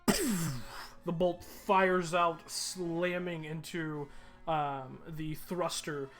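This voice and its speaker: A man narrating as game master of a tabletop game, pausing often with ums and uhs. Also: on the high side, fairly even intonation, fairly bright tone, faint music behind. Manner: halting, many ums and uhs.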